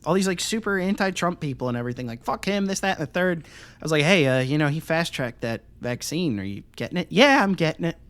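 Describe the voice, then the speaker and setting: Podcast co-host, male, slightly high voice, heated profane ranting. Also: animated, quick pace, fairly bright tone, clear, resonant tone. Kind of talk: casual podcast chat.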